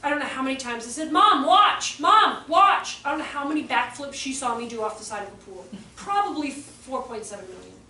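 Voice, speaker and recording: High-voiced woman presenter in echoey room. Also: animated, quick pace, few pauses, fairly bright tone, a little hiss or hum. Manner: chatty storytelling, acts out quotes in voices. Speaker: workshop presenter for teachers. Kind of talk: live workshop talk. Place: room with live audience. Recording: echoey room, distant mic, faint ambience.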